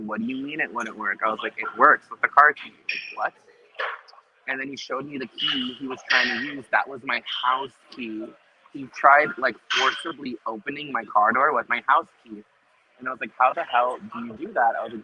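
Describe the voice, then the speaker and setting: A man hosting a podcast, chatting casually and acting out other people's lines as he tells a story, with many "like" fillers. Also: mid-range voice. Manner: animated retelling with acted-out quotes and many "like" fillers. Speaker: podcast host. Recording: dull lo-fi recording with clear noise.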